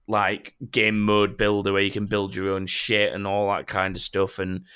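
A man's voice: on the low side, monotone, normal speed, a bit bright, clean tone. A man hosting a casual gaming podcast, rambling and joking, swearing now and then. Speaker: podcast host.

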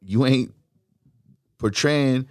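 A man's voice: medium pitch, extremely slow, darkish tone, no room sound, studio quality. A man with a Houston accent talking bluntly and profanely as a rapper being interviewed. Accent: Houston, Texas. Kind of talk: casual interview chat.

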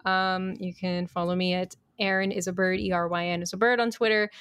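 A woman hosting a podcast, easygoing and quick to laugh, with many hesitant fillers. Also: on the low side, level tone, a bit bright, smooth, no echo. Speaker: podcast host. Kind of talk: casual chat.

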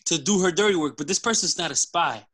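A man pitching a movie idea in a casual group brainstorm, animated and rambling with restarts. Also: fast, dry recording.

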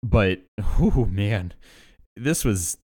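An enthusiastic young man co-hosting a casual podcast. His voice sits low but swings widely in pitch. He laughs often. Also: expressive, extremely slow, warm tone. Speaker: podcast co-host. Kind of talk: casual chat.

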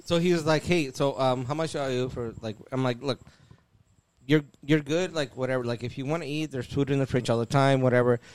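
A man's voice: medium pitch, brisk, a little mellow, smooth, dry recording. Cursing man telling a long story. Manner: profane storytelling, acts out dialogue. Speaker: podcast co-host. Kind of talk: casual group chat.

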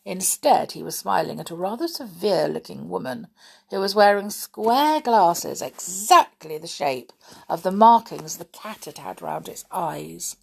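Slow, husky woman reading a storybook. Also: on the low side, animated. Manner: soft, breathy storytelling, often dropping to a whisper. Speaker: storybook reader. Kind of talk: slow audiobook narration.

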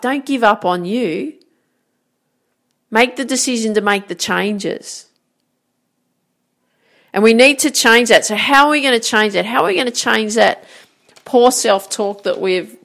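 A woman's voice: mid-range voice, creaky, fairly bright tone. A woman hosting a motivational podcast as a golf coach, talking earnestly and encouragingly and repeating her key phrases.

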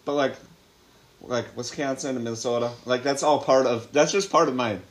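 A man's voice: medium pitch, moderate pace. A young man from Ohio co-hosting a casual podcast, chatting in a rambling way full of fillers. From Ohio, USA. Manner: rambling, filler-heavy storytelling. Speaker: podcast co-host. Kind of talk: casual chat. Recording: roomy echo.

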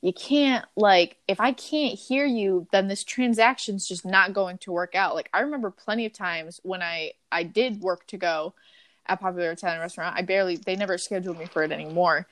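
A woman's voice: lowish voice, fairly quick, no echo. Chatty young woman venting, dry sound. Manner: animated storytelling with frequent fillers; swears casually. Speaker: podcast host. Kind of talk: casual chat.

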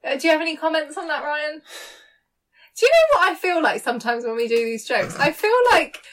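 A woman's voice: high voice, animated, a little fast, a bit bright, rough recording. Giggly, playful woman host. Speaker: podcast host. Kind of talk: casual chat.

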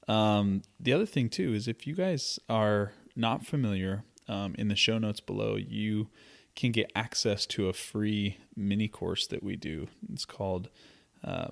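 A man's voice: lowish voice, creaky. A man co-hosting a podcast, talking in an easygoing way with plenty of ums and uhs. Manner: easygoing, plugging with filler words. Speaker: podcast co-host. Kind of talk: casual podcast chat.

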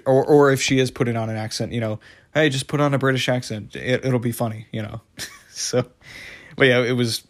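A man talking casually and at length about a favorite cartoon, rambling with many fillers and restarts. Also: mid-range voice. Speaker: show reviewer. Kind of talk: casual monologue review.

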